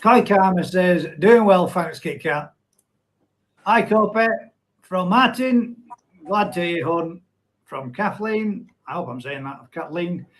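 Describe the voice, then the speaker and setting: A man's voice: high-pitched, expressive, slow pace, poor audio. Chatty man hosting from home. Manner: chatty, laughs often, reads comments aloud. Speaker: live stream host reading chat comments. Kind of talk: casual live chat.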